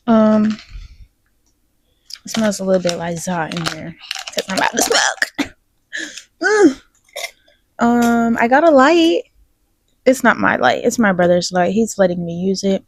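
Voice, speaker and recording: A woman's voice: mid-range voice, dry recording. Sniffly young woman rambling from her bed. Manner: rambling, candid, swears, trails off into soft asides. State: sniffly from crying. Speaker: podcast host. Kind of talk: casual confessional vlog. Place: bedroom, in bed. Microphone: small mic plugged into a phone.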